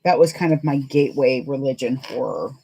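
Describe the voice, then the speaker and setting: A woman's voice: rumbling low, fairly quick, gravelly, dark tone, breathy edge, low-quality recording. A woman chatting in a rambling, laughing way as she hosts a live sewing stream. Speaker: sewing livestream host. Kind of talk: casual chat while sewing live.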